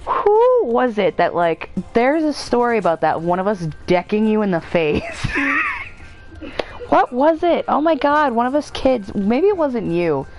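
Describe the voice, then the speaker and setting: A woman's voice: on the high side, very animated, a little slow, darkish tone, rough recording. A young woman hosting a gaming stream in casual chat, giggling as she tells funny family stories. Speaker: gaming channel host. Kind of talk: casual chat over a game. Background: game music.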